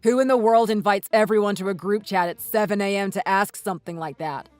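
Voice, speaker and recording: A man's voice: high voice, fairly even intonation, brisk, no echo, soft background music, close to an everyday voice. A man voicing a defensive husband in a text-message story, speaking stiffly and scoldingly. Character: defensive husband and brother-in-law.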